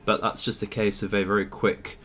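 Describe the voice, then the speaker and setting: A man, hosting a gaming video and talking through a strategy game in a polite, measured way with frequent fillers. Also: lowish voice, little pitch movement, fairly bright tone, a little hiss or hum.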